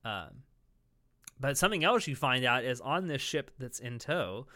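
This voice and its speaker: A man's voice: medium pitch, big pitch swings, moderate pace, sharp tone, slight background noise. A man co-hosting a casual podcast, animatedly recapping an episode and swearing freely as he acts out quoted lines. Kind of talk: casual chat.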